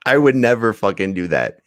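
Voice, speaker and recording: A man's voice: on the low side, dry recording, clean studio sound. A man co-hosting a podcast in casual chat, defensive and profane, often laughing as he argues. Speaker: podcast co-host.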